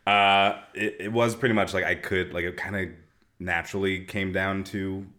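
A man's voice: deep voice, flat delivery, normal speed, pushed and bright. A young man co-hosting a podcast in casual chat, rambling and self-deprecating, laughing often. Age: young adult. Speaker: podcast co-host.

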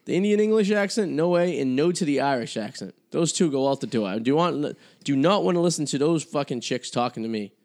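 A man's voice: fairly high pitch, lively intonation, a little fast, few pauses, darkish tone. A man from Boston with a Boston accent, hosting a podcast in crude, rambling casual chat full of swearing. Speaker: podcast host.

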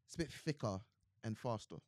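A young man, chatting casually on a podcast, animated and quick to argue. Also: mid-range voice, no room sound, clean studio sound. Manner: animated, argumentative, laughs easily. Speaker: podcast co-host. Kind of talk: casual chat.

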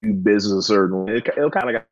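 A man from Georgia, a pro wrestler, telling his story in a relaxed interview, full of ums and acted-out quotes. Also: lowish voice, racing, no room sound, lo-fi sound. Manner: relaxed, chatty, frequent ums, acts out quoted dialogue. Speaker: guest, professional wrestler.

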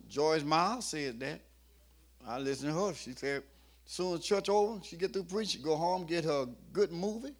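A man preaching a sermon in a humorous, playful way, coaxing the congregation and building up to shouts at his peaks. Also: sits high. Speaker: pastor.

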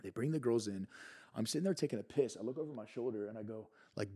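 A man, a podcast guest, telling a story in an animated, excitable way, heavy on swearing and filler words. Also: mid-range voice, fast, slightly rough. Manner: excitable, profane, peppered with "bro" and "like".

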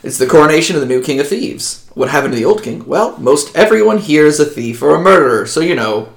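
A man's voice: a little high, expressive, fast, gravelly. Guy running a tabletop game, lots of ums, echoey room. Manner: casual, rambling with many ums. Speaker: game master.

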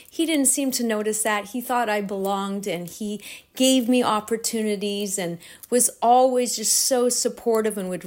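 A woman, a neuroscientist and percussionist, giving an emotional, gushing tribute. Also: a little high. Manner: gushing and animated.

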